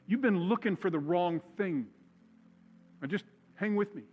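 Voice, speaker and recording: Male pastor, high-pitched, conversational sermon delivery, church hall reverb. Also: lively intonation, unhurried, lo-fi sound, soft background music. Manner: conversational preaching, repeats key phrases for emphasis. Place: church sanctuary.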